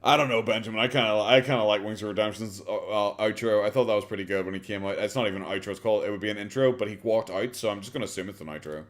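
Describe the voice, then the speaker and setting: Irish man streamer, quiet and rambling. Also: lowish voice, very fast, few pauses, loud music behind the voice. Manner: rambling, swears, laughs often; kept quiet, not loud. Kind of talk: casual live-stream reaction chat.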